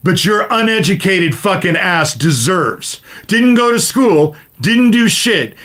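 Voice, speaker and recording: On his livestream, a man in his fifties rants profanely to the people in his chat, addressing them directly. His voice is a little high for a man and fairly bright, and he keeps throwing in curses along with a habitual "you know?".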